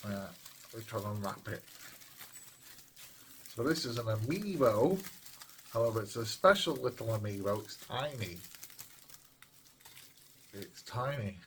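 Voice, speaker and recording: A man's voice: fairly low pitch, very animated, moderate pace, long pauses, fairly bright tone, a little hiss or hum. A British man chatting casually to camera as he unboxes a small collectible, rambling and joking along the way. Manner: chatty, rambling, playful asides. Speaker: retro gaming vlogger.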